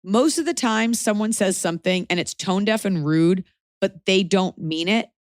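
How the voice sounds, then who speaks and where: A woman's voice: mid-range voice, dry recording, clean studio sound. A woman hosting a podcast, giving advice in casual chat with a wry, opinionated delivery. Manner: wry and opinionated, slips into quick mock voices. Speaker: podcast host.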